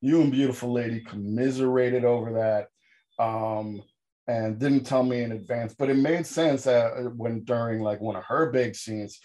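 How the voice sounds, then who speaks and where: A man co-hosting a podcast, recapping a film with animated, sarcastic storytelling and sudden jumps in pitch. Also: unhurried. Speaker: podcast co-host. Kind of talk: casual comedic film review chat.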